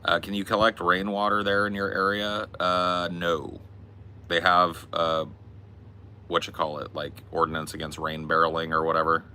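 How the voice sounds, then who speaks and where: A man's voice: low voice, monotone, moderate pace, sharp tone, slight background noise. A young man live-streaming outdoors, chatting loosely with his chat in a rambling, offhand way. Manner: loose, rambling, sprinkled with laughs and filler. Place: outdoors in hot weather.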